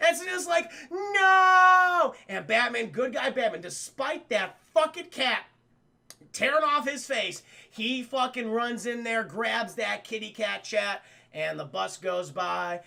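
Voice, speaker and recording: Gravelly, excitable man recapping for chat. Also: very high voice. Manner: profane, excitable storyteller who keeps addressing chat; acts out the characters' lines in quick voices. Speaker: streamer reviewing a cartoon. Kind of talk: casual livestream recap.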